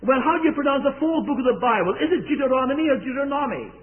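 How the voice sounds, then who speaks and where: A man preaches earnestly to his congregation, often stopping to ask them questions. His voice sits high for a man. The recording is thin and tinny, like an old tape heard over a phone line. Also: expressive, quick pace. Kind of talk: sermon. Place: church service.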